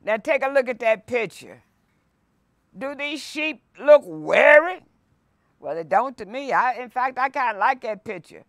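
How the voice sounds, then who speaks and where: A woman pastor leading a Bible lesson, reading scripture aloud and preaching with slow emphasis and repetition. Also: fairly high pitch, animated, dry recording, clean studio sound. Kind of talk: sermon-style Bible lesson. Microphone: no mic, by her own words.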